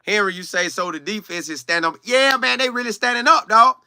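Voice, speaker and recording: A man's voice: sits high, steady tone, fairly quick, sharp tone, clear, resonant tone, no echo. A young man hosting a casual livestream, reading viewer comments and answering them, repeating words for emphasis.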